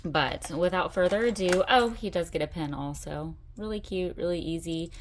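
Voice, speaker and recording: A woman's voice: lowish voice, moderate pace, slight background noise. Chatty, enthusiastic middle-aged woman vlogger. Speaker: craft channel host. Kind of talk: casual show-and-tell vlog.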